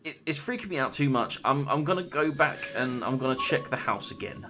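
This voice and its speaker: A man's voice: medium pitch, lively intonation, a little fast, music in the background, natural voice. A man voicing a frightened young wife alone at night, talking to herself in hesitant, anxious bursts, in a storytelling retelling. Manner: hesitant, anxious self-talk.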